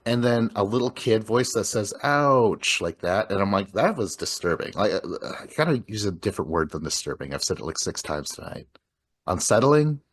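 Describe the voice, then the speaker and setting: A man with a somewhat low voice talks loosely through a film. He rambles, swears freely and breaks into laughter as he goes. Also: expressive, brisk, breathy edge. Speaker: podcast host. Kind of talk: casual movie discussion.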